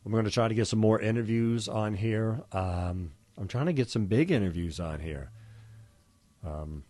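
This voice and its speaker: A man's voice: lowish voice, normal speed, dark tone, no echo. A man hosting a podcast, talking in a casual, rambling way with lots of fillers and restarts. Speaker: podcast host. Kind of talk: casual solo podcast monologue.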